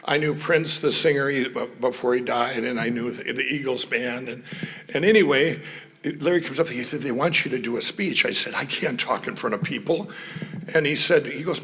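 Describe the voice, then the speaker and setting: A man's voice: a little high, moderate pace, a bit bright. A man from Minnesota, telling rambling stories in a speech, often sidetracked and laughing. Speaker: guest speaker. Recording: long hall reverb.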